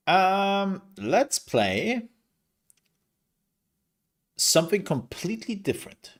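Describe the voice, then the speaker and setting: A man's voice: medium pitch, expressive, measured pace, pauses often, a bit bright. A man streaming live, giving casual commentary on game demos in a rambling, candid way with hesitant fillers.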